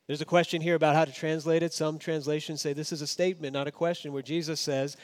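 A man in a fairly high register preaching a sermon. His delivery swings between forceful, raised emphasis and quiet, dropped-down phrases. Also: steady tone, quick pace, few pauses. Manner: dynamic, swinging from emphatic loud to hushed low. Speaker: pastor.

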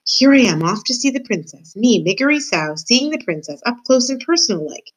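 A woman voicing a simple rustic girl servant who dreams of being a princess, hard of hearing and quick to shout. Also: a little high, big pitch swings, pitched above the performer's own voice, rough recording. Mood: eager. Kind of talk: storybook reading.

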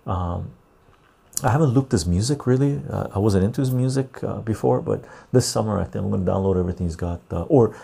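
A man's voice: lowish voice, fairly quick, gravelly, dark tone, husky. A middle-aged man from the West Coast of Canada, hosting a casual livestream podcast and answering viewer chat aloud. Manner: reads viewer chat aloud and answers loosely, with frequent fillers. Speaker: podcast host.

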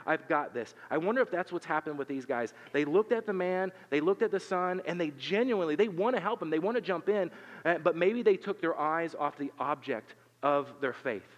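Earnest preacher in an echoing hall. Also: male voice, on the high side, lo-fi sound. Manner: earnest, conversational preaching with rhetorical questions and repetitions. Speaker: pastor. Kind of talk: sermon.

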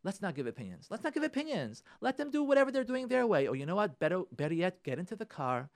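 A man hosting a radio advice show, talking in an animated, preachy way, repeating phrases and mixing in Hebrew religious terms. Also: high-pitched, fast talker, few pauses. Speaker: radio show host and marriage counselor. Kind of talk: talk radio advice monologue.

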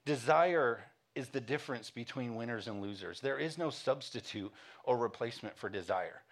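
A man's voice: mid-range voice, animated, moderate pace. A male pastor preaching a sermon, telling a home story with frequent chuckles and then turning to earnest calls for passion. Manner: casual storytelling, chuckling often; earnest exhortation.

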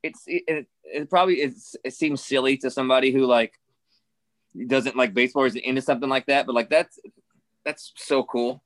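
A man's voice: mid-range voice, steady tone, a little fast. A man chatting casually, rambling with many restarts and fillers. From Ireland. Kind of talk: casual chat.

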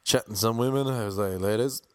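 Irish comic in his thirties, Cork accent, lowish voice, deadpan monotone storytelling. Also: normal speed, no room sound. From Ireland. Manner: self-described monotone, wry and self-mocking. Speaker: comedian and DJ. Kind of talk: storytelling monologue.

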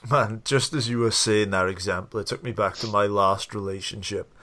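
A man hosting a casual interview, telling stories in a lively way and laughing easily. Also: lowish voice, normal speed. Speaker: podcast host.

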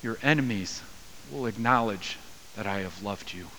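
A man's voice: on the low side, normal speed, fairly bright tone. A man preaching a sermon as pastor, earnest, his voice lifting when he speaks quoted words. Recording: long hall reverb.

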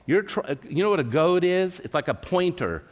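A man's voice: high-pitched, expressive, moderate pace. A man from California preaching a sermon at a church service, earnest, repeating his words and asking the listeners questions. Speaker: pastor. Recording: long hall reverb.

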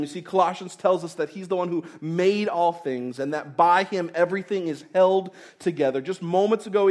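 A male pastor giving a conversational sermon, moving between loud emphasis and hushed, intense passages. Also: a little high.

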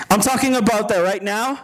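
A man's voice: sits high, rough recording. A man preaching as a pastor at a retreat, often repeating words and asking the crowd to agree with him. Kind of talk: sermon. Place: retreat gathering before a live audience.

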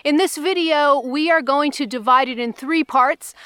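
A woman's voice: high-pitched, moderate pace, noisy background. A woman spiritual coach speaking to camera on a mountaintop, bubbly and enthusiastic, a little out of breath from the climb. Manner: bubbly, enthusiastic, addresses viewers directly. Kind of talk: outdoor vlog, then spiritual teaching to camera. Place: mountaintop outdoors.

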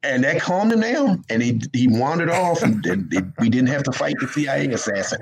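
A man's voice: medium pitch, big pitch swings, quick pace, breathy edge, low-quality recording. A man with a Southern US accent, a guest writer telling a rambling story on a casual interview, laughing often and restarting his sentences.

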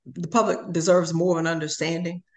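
An interview host with a gravelly, creaky voice. The talk comes in halting runs, words repeated and phrases drawn out as the thought forms. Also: medium pitch, level tone. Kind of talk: casual interview chat.

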